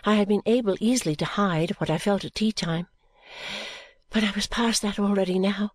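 A woman reading a novel in first person, in a measured, gentle way. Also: medium pitch, dry recording. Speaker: audiobook narrator. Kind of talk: first-person audiobook narration.

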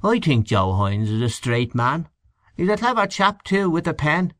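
A man's voice: fairly high pitch, lively intonation, normal speed, a bit bright, no room sound, clean studio sound, pitched above the performer's own voice. A man doing a weary, doubtful canvasser. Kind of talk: audiobook character voice.

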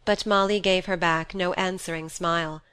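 A woman narrating a classic novel in an audiobook, reading in a measured, even way. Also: fairly low pitch, clear, resonant tone.

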